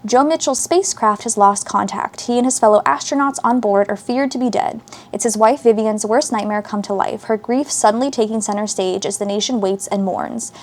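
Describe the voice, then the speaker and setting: A woman's voice: medium pitch, a little fast. A woman, casually chatting as she reads book synopses aloud and reacts to them. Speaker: book channel host.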